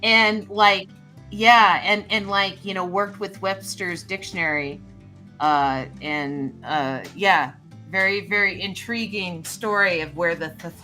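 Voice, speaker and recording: A woman chatting casually on a podcast, musing and halting as she searches for words. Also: mid-range voice, steady tone, pushed and bright, soft background music. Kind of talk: casual chat.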